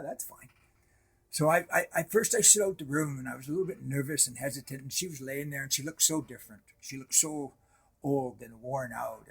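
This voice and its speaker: A middle-aged man from Canada telling his own recovery story, halting and repeating words, dropping to a hush and then rising loud. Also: fairly high pitch, gravelly, slightly rough. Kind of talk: personal storytelling.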